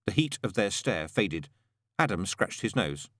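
A man narrates a novel in a lively, expressive reading voice. His pitch climbs and falls freely, recorded close and dry with no room sound. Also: measured pace, no room sound. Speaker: audiobook narrator. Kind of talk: storybook narration.

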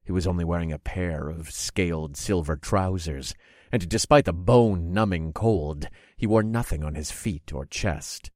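A man narrating a story in the first person with a measured, dramatic delivery. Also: low voice, darkish tone, no room sound, studio quality.

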